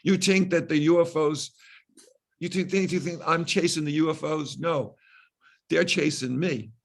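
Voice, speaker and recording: A playful New York wise guy with a thick accent, as a man puts him on, his voice jumping up high and a little gravelly at the edges. He banters back with a teasing bounce. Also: steady tone, unhurried.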